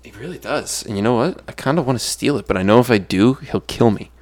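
A man's voice: medium pitch, fast talker, a little mellow. A man co-hosting a podcast in laid-back, joking chat. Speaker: podcast co-host. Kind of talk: casual chat.

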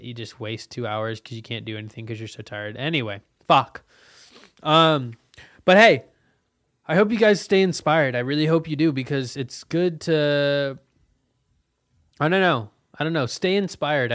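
A man's voice: medium pitch, fairly bright tone, clear, resonant tone, dry recording, studio quality. A young man hosting a casual solo podcast, rambling and swearing with lots of fillers, cold and soaked. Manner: rambling and profane, frequent fillers; frustrated venting. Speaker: podcast host.

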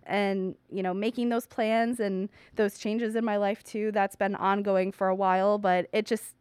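Woman, podcast co-host, casual rambling chat, mid pitch, dry close mic. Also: little pitch movement, moderate pace, darkish tone, clear, resonant tone, no room sound. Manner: loose, rambling, with lots of "like" and "you know".

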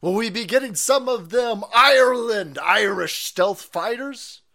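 A man hosting a live stream, ranting in profane commentary, mocking and laughing often, breaking into loud excited outbursts. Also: high-pitched, unhurried, creaky. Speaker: livestream host.

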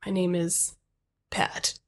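Fussy hurried manager, put-on British accent, low and hesitant, a woman plays it. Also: natural voice. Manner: hesitant, lots of ums, formal.

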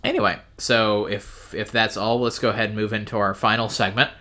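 A man's voice: fairly low pitch, fairly even intonation, a little fast, bright, forceful tone. A man co-hosting a podcast in casual chat, easygoing, laughing often and hesitating with ums. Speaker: podcast co-host.

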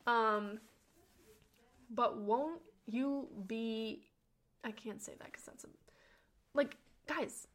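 A young adult woman hosting a podcast, telling a personal story in a chatty, slangy, animated way and swearing now and then. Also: drawn-out words, pauses often. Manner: chatty and animated, slangy, swears, acts out quotes with big pitch jumps. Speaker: podcast host. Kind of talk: casual storytelling monologue.

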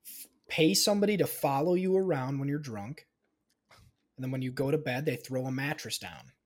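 Emphatic, husky-voiced podcast guest. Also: male voice, mid-range voice, moderate pace. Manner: emphatic, cuts in with ideas. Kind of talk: casual chat.

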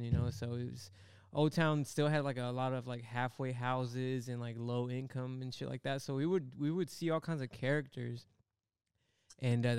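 A man tells rambling, profane stories as a podcast guest. His voice is gravelly yet smooth and resonant. It sounds close and dry. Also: medium pitch, darkish tone, no echo. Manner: rambling, profane, with many fillers. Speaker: tattoo artist guest. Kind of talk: casual storytelling.

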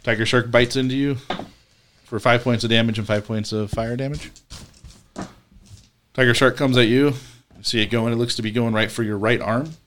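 A man runs a tabletop game as its game master. He narrates in a relaxed, conversational way. His voice sits at a middle pitch. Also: moderate pace, pauses often, slight background noise.

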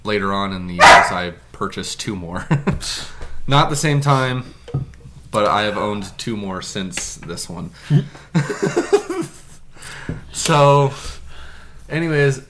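A man's voice: fairly low pitch, sing-song, takes it slowly, long pauses, fairly bright tone, a little hiss or hum. A young man telling a story in casual podcast chat, laughing often and swearing freely.

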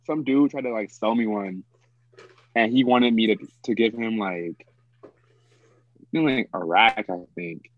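A man's voice: lowish voice, lively intonation, a little slow, pauses often, dry recording. Laid-back young man, dull dry sound. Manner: laid-back, slangy, teasing storytelling with lots of fillers. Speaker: podcast guest. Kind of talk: casual chat between friends.

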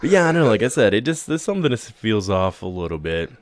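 Laughing, lively low-voiced podcast host. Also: male voice, fast talker. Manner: jokey, laughs often, rambling asides. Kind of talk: casual podcast chat.

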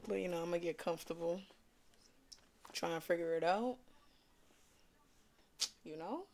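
A young man with a New York accent rambles through a casual solo podcast, loose and slangy. He talks in an unhurried, drawn-out way. His voice carries a rough, gravelly fry. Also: fairly high pitch, a little mellow. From Brooklyn, New York. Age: young adult. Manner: laid-back, slangy and rambling. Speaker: podcast host.

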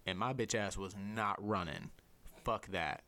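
A man's voice: on the low side, a little slow. A young man hosting a casual chat, telling a long story full of swearing and acted quotes from the people in it. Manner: animated, profane storytelling with lively voiced quotes.

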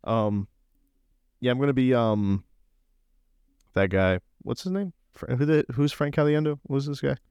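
A laid-back young man who rambles through casual comedic banter and drops "dude" into nearly every sentence. His voice sits at a middle pitch. The recording is close and dry with no room sound. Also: a little slow, pauses often, a little mellow, clear, resonant tone, dry recording.

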